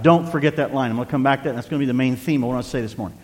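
A man's voice: medium pitch, very fast, few pauses, in a large hall. A middle-aged male pastor preaching a sermon, emphatic and repetitive, reading scripture aloud.

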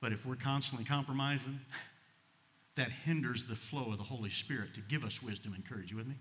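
A man preaching a sermon as pastor, emotional, moving from quiet storytelling to loud, fervent preaching. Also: medium pitch, a little fast, in a large hall. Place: church sanctuary.

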